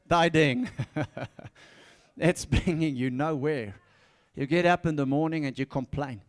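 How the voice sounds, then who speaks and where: A high-pitched man delivers a lively sermon. He repeats his key phrases and rises from soft asides to shouted calls. He laughs often and trips over his words when fired up. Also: slow pace, long pauses. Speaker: pastor.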